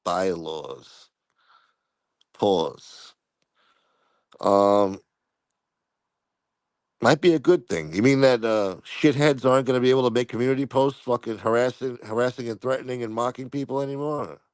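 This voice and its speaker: A man's voice: medium pitch, moderate pace, long pauses, clean tone, no echo. A man hosting a casual live stream, answering viewer comments in a profane, rambling, blunt way.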